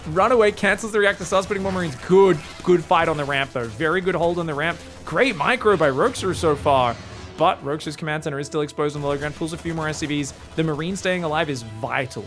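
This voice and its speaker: A man casting a strategy game live, excitable and sarcastic with a joking edge. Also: a little high, a little fast, faint music behind. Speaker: game commentator.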